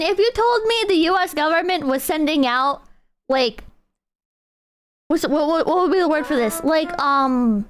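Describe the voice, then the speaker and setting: A woman streamer chatting with her viewers in a casual, animated, mocking way as she reacts to a clip. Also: very high-pitched. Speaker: streamer host.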